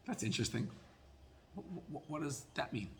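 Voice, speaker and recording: A man teaching a Torah class as a rabbi, telling a story in an animated way and often repeating words. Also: on the high side, a little hiss or hum.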